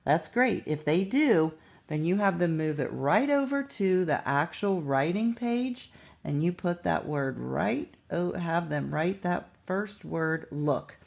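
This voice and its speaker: A woman teacher patiently walking through a writing lesson step by step, sounding words out slowly. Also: on the low side, animated, creaky, a little mellow. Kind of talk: instructional walkthrough.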